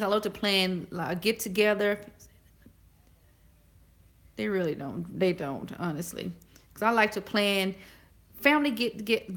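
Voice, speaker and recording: A woman in her forties chatting casually to a live audience, talking fast and often pausing to find her words. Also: mid-range voice, a bit bright. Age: 40s. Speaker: vlogger.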